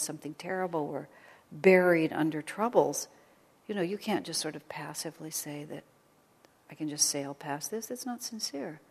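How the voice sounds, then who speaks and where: A woman gives an informal spiritual talk to a small group, in a gentle, conversational way that now and then sinks to a near whisper. Her voice sits a little low. Long reverb from the hall trails behind her words. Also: gravelly, husky. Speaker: spiritual teacher.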